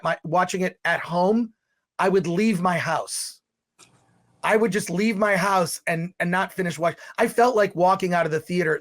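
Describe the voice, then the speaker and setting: A man hosting a live stream, giving a rambling, exasperated spoken movie review. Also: high voice. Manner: rambling, exasperated, with restarts and loud outbursts.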